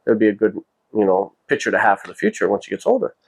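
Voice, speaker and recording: A man's voice: fairly low pitch, very animated, fast, vocal fry. A man hosting his own vlog, telling a personal story in a rambling, casual way full of "you know" and quoted dialogue. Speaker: vlog host.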